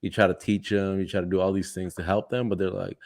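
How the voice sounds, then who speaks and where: Podcast co-host, man in his thirties, very low voice, relaxed banter with frequent swearing. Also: fast. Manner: laid-back, swears often, laughs a lot. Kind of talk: casual chat.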